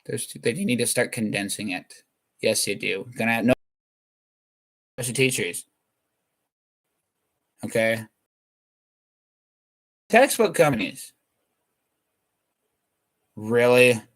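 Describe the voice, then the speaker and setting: A man's voice: medium pitch, animated, slow, long pauses. Man, mid-range voice, for a loose stand-up ramble that keeps interrupting and restarting itself. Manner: scattered, self-interrupting, restarts thoughts mid-sentence. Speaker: comedian. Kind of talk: rambling comedic monologue.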